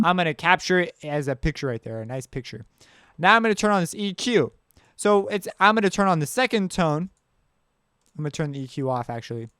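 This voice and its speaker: Chatty man explaining with a smooth, dry voice. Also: a little high, dry recording. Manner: loose and chatty, thinks aloud, frequent "uh" and "so". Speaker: music production teacher. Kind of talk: casual screen-share tutorial.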